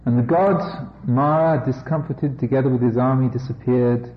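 A man's voice: medium pitch, fairly even intonation, normal speed, slight background noise. Guy reading an old buddhist tale aloud, cracking jokes in between, kinda muffled echoey sound. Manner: wry and amused, breaking off for jokes. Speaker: Buddhist teacher. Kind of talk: reading a scripture story aloud with asides. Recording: echoey, slightly dull room recording.

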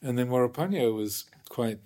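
A man, a Buddhist monk, telling stories in animated conversation with many restarts. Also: medium pitch, moderate pace. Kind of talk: conversational storytelling.

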